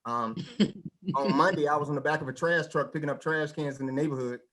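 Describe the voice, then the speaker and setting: A man performing a stand-up comedy set at a virtual show, telling stories with lively mimicked voices and casual vernacular speech. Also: on the high side, brisk. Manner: animated storytelling with mimicked voices.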